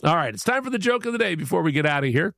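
Upbeat, chatty male morning radio host, a raised gravelly voice, dry studio sound. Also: fairly high pitch, big pitch swings, racing, fairly bright tone, dry recording. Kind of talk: casual radio chat.

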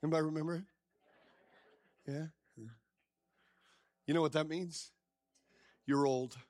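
A male pastor preaching a sermon with lively call-and-response, quizzing the congregation as he goes. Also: on the high side, normal speed, no room sound, studio quality. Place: church.

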